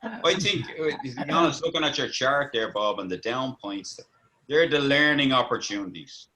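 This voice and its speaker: Bright-voiced Irish man sharing lessons. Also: medium pitch, lively intonation, moderate pace, poor audio. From Ireland. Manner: earnest, reflective, motivational. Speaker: caller on a group call. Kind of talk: casual chat.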